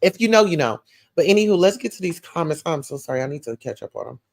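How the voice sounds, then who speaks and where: A woman from Atlanta with a Southern accent, hosting a livestream, reading comments and dishing gossip in a sassy, animated way. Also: deep voice, quick pace, vocal fry. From Atlanta, USA. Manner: sassy, animated, calls listeners child and baby.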